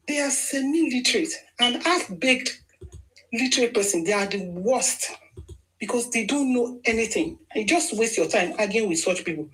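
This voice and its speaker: Speaking at normal speed in an expressive, mid-range voice, a Nigerian-accented woman gives a forceful, argumentative political monologue. As a commentator she talks casually and keeps restarting her sentences, captured in a low-quality recording.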